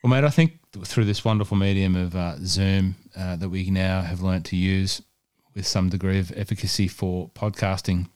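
A man's voice: low-pitched, steady tone, moderate pace, a little mellow, clean tone, no echo. A man hosting a podcast, talking in a jokey, wordy, casual way. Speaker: podcast host.

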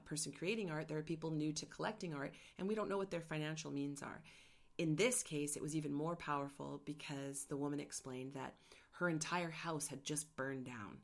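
Low-pitched middle-aged woman host, candid and emotional, personal storytelling. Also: creaky. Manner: candid, emotional, gets choked up. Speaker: podcast host and artist.

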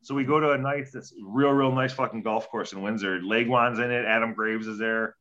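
Profane storytelling man, bright tone. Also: medium pitch, fairly quick. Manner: profane, animated storytelling with acted-out quotes. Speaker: guest, former hockey player. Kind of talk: casual storytelling. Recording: dull lo-fi audio.

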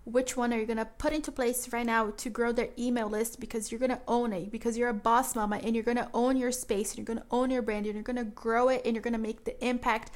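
Upbeat young female coach, fairly high pitch, cheering the listener on. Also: little pitch movement, fast, few pauses. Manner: enthusiastic, encouraging, addresses listener as mama. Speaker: branding coach and podcast host. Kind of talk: upbeat solo talk to listeners.

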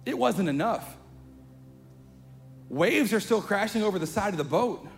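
Male pastor, fairly high voice, casual buddy-style sermon delivery rising to animated emphasis; long hall reverb, faint music bed. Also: unhurried, creaky. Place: church sanctuary.

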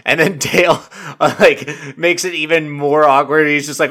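A man's voice: fairly high pitch, unhurried. A man hosting a podcast, recapping a show in casual, rambling chat full of swearing and filler words. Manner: rambling and profane, heavy use of "like"; animated storytelling with mock quotes. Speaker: podcast host recapping a reality dating show.

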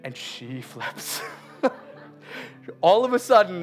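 A man with an unusually high voice tells a sermon story about his daughter. He is animated and laughs along the way, slowing to a crawl on the key lines. Faint music plays underneath.

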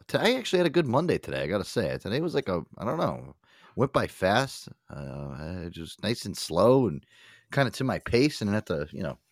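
A man's voice: medium pitch, slight background noise. A man hosting a podcast in casual, profane banter, laughing often and swearing freely. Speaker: podcast host.

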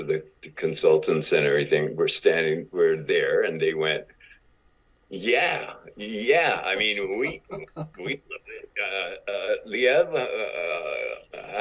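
A man being interviewed as an actor guest, telling stories in a halting, casual way, often repeating words and acting out quotes. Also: sits low. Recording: dull lo-fi audio.

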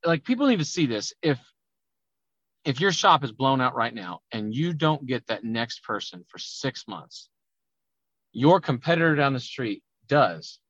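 A man talking loudly and emphatically as a business coach in a conversational podcast interview. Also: mid-range voice, measured pace, no echo, highs cut off. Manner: loud, emphatic, animated talker. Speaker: auto repair business coach.

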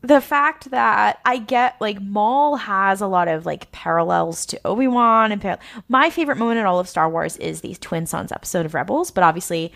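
A woman in casual, rambling fan chat, excitable and swearing often. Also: mid-range voice, moderate pace, creaky, hardly any pauses.

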